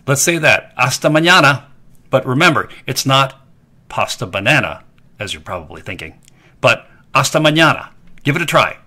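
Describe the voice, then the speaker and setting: Playful, lively-voiced male language teacher. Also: mid-range voice, brisk. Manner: playful, repeats phrases for learners to echo. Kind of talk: scripted narration for a kids' lesson.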